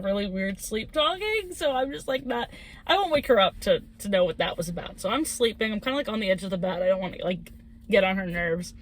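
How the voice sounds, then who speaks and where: A young woman co-hosting a podcast, telling a spooky story in casual chat, animated and giggly as she acts out the quotes. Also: medium pitch. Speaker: podcast co-host.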